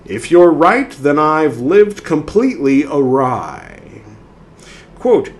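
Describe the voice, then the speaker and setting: A show host with a fairly high, very animated voice reads a text slowly and theatrically, dramatizing the quotes and adding his own remarks. Faint music plays in the background.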